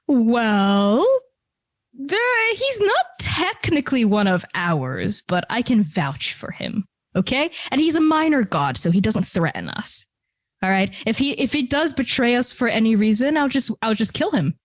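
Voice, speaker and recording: A woman's voice: a little high, sing-song, unhurried, no room sound, studio quality. A woman voicing a sly female goddess who is scheming in a tabletop game.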